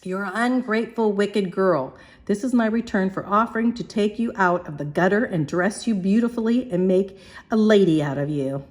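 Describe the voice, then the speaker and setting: A woman's voice: medium pitch, normal speed, a little mellow, close to an everyday voice. A woman voicing a pompous, bossy male professor who talks in a brusque, lofty manner.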